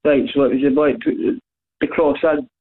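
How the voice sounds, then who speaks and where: A man's voice: mid-range voice, fairly even intonation, fairly quick, breathy edge. A man with a Scottish accent calling in to a radio phone-in, emotional and stumbling over his words. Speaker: caller. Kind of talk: phone-in chat. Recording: tinny phone line.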